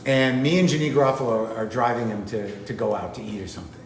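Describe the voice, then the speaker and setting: A man, a comedian, chatting casually and telling rambling, wry anecdotes, slipping into quick impressions. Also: medium pitch, roomy sound. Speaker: comedian guest. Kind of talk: casual storytelling chat. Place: comedy club.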